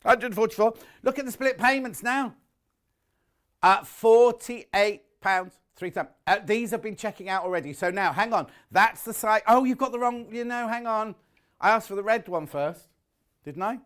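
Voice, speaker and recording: A man presenting on a shopping channel, talking in a rapid, chatty sales patter that often corrects itself, a bit out of breath, recorded on a lapel mic in a TV studio. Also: high-pitched, fairly bright tone, clear, resonant tone. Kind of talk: live TV sales pitch.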